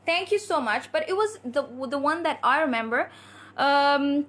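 Woman English tutor with a high voice, casual live-stream delivery, reads viewer comments, drills phrases slowly. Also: lively intonation, a bit bright. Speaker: English teacher.

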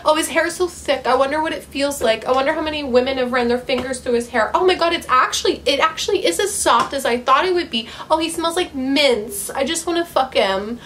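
A woman voicing a lovestruck teenage girl narrator as a mocking parody, softer and gushing. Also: high-pitched, brisk, hardly any pauses, slight background noise. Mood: mock swooning.

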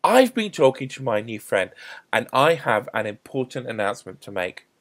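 A man's voice: medium pitch, big pitch swings, moderate pace. A man voicing a short male tax collector in a children's Bible story, apologising eagerly to a crowd. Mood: sorry. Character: small repentant male tax collector, cheerful.

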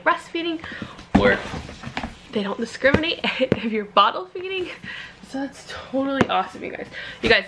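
Gravelly and a little high, this young woman's voice carries over background noise as she unboxes something on her vlog. She's casual, gushing, and excitable, full of "like" and "you guys," and at moments she's close to tears.

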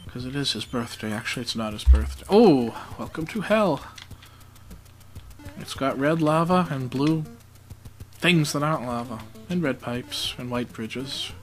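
A man's voice: medium pitch, moderate pace, soft background music, poor audio. A man giving casual, joking commentary while playing a video game, with self-mocking asides. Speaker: let's play commentator.

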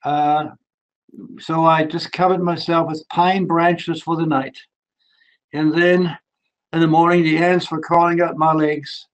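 A man's voice: fairly high pitch, little pitch movement, unhurried, poor audio. An older man with a German accent, giving a fervent sermon testimony about his childhood. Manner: rising to fervent, emphatic preaching. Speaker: preacher.

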